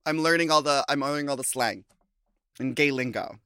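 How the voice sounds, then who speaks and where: Chatty guy from minnesota hosting a podcast, bright voice, laughs a lot, dry mic. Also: mid-range voice, fairly quick, clean tone, no room sound. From USA, Minnesota. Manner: chatty, laughs often, animated asides. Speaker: podcast host. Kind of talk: casual chat.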